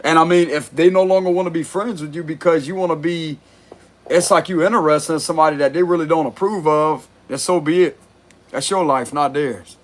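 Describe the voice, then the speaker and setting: A man talking through a tarot reading in a loose, blunt way, with plenty of swearing and chuckling. His voice sits on the higher side for a man. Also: brisk. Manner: blunt, profane, laughs often. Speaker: tarot reader. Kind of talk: casual spoken tarot reading.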